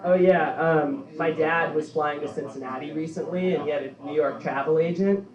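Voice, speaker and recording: A young man doing a stand-up set, halting and offhand, with lots of fillers. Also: fairly high pitch, fairly even intonation, a crowd in the background. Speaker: stand-up comedian. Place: comedy club stage. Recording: echoey, dull room recording from far off. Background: audience laughter.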